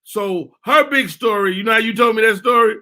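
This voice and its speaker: A man hosts a casual chat in a high, bright voice. He rambles loosely and drops joking asides as he talks. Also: a little fast. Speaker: talk show host.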